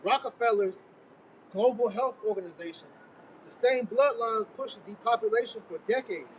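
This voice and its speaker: A man with a very high, lifted voice talks emphatically in street slang and reads passages aloud. He sits back from the mic outdoors, with a faint hum of passing traffic behind him. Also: normal speed, far from the mic, low-quality recording. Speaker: co-host of a live street broadcast. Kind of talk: live-stream discussion.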